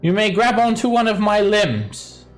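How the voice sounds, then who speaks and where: Man doing a giantess voice, high and loud, slow, proud, protective mother. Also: very animated, faint music behind. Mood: stern. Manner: booming and slow, calls others insects.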